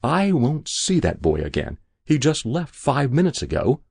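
A man's voice: mid-range voice, wildly swooping pitch, a little slow, gravelly, a little mellow, slightly rough, dry recording, clean studio sound, pitched above the performer's own voice, heavily acted. A man reading the lines of a dying old woman who is peevish and scolding. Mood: testy. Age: older. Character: dying old woman, stubborn and sharp-tongued.

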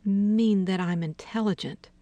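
A woman voicing a timid, fretful young woman in a story reading, hesitant and a little higher than her narration. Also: a little slow, warm tone, dry recording, natural voice.

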